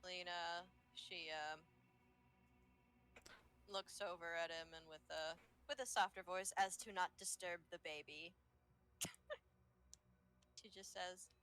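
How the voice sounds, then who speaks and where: A woman's voice: lowish voice, slow pace, long pauses, a bit bright, smooth. A woman playing in a tabletop role-play game, chatty and giggly. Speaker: player.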